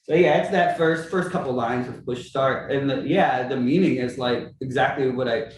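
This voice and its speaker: A man chatting casually as a musician guest in an interview, animated and laughing often. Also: moderate pace, slight background noise. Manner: animated, acts out quoted friends in high voices, laughs often. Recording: roomy with faint ambience.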